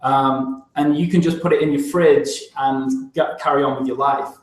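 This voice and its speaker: A man speaking earnestly about a product to a group, warm with enthusiasm and stumbling into a few restarts. He is picked up from a distance in an echoey room. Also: mid-range voice, fairly even intonation, moderate pace. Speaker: co-presenter at a business meeting. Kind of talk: casual sales talk. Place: meeting room. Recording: echoey room, voice far from the mic.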